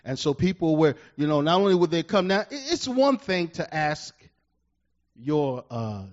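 A middle-aged male pastor preaching a sermon, building to loud emphatic bursts and slowing down to read verses. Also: on the high side, very animated, lo-fi sound.

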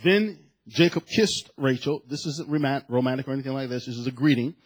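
Husky, animated preaching man. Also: mid-range voice, fairly quick. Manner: animated, chatty storyteller with frequent asides. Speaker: pastor. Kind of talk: storytelling sermon with Bible reading.

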